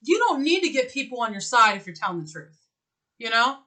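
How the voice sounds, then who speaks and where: High bright-voiced woman co-hosting a chat show, tells stories animated, swears a lot, plays both people in the story. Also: fairly quick, rough recording. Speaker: co-host.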